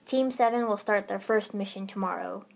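A woman voicing a calm adult male ninja teacher in a story reading, speaking evenly. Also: medium pitch, normal speed, vocal fry, close to an everyday voice.

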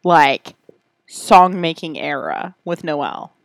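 A woman's voice: low-pitched, big pitch swings, slow pace, gravelly, no echo. Teasing young woman with dry asides. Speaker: podcast co-host. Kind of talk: casual chat.

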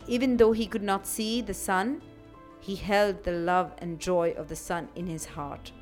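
A woman narrating a scripted children's story for a radio program, in an expressive, animated storytelling manner. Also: medium pitch, a little slow. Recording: faint background music.

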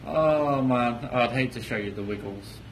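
Guy, mid-pitched, teasing friends, noisy room behind him; casting note: young, chatty, prods with questions. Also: unhurried. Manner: teasing, prompting others. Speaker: co-host asking questions. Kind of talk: casual banter among friends.

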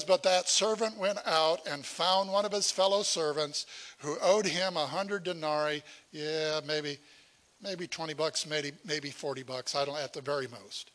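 A middle-aged man preaches with a bright, forward tone and a slightly raised pitch. He takes his time, unhurried and folksy, talking to the congregation as if in conversation. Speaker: pastor. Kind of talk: sermon.

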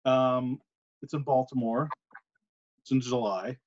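A man co-hosting a podcast, telling a long story in a casual, animated way with quick asides. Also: medium pitch. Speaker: podcast co-host. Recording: muffled lo-fi recording.

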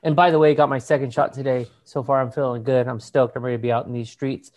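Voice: mid-range voice, steady tone, fast talker, darkish tone. A podcast co-host telling a story in casual chat, swearing freely, laughing often and mimicking other people's voices.

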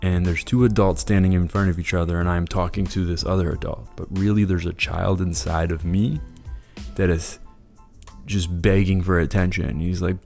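A man's voice: sits low, level tone, moderate pace, vocal fry, darkish tone, faint music behind. A man hosting a motivational podcast monologue, enthusiastic and freely profane. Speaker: podcast host.

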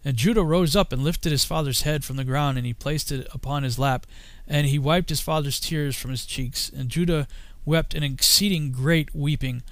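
A man reading an old scripture text aloud in a solemn, measured way, sometimes slipping and correcting himself. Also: a little high, dry recording. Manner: solemn, archaic phrasing with occasional slips and self-corrections. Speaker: reader.

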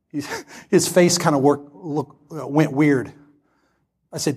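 A man in his sixties preaching a sermon, telling a personal story in an animated way and acting out the dialogue. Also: on the high side, a little slow, long pauses, slightly rough. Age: 60s.

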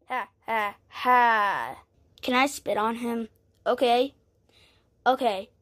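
A woman's voice: on the high side, slow pace, long pauses, fairly bright tone, no room sound. A woman narrating an improvised toy play, playful and full of exclamations as she voices the toys.

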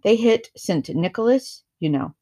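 A woman's voice: mid-range voice, lively intonation, unhurried, dark tone, pitched above the performer's own voice. A serious chubby boy who sounds official and earnest about everything, as a woman reader puts him on. The voice stays close to the reader's own.

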